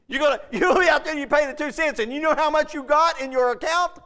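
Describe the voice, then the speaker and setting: Brief: very high-pitched male preacher, emphatic, folksy, keeps questioning the congregation. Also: fast talker, pushed and bright, big-room sound. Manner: folksy plain grammar, repeats phrases. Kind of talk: sermon.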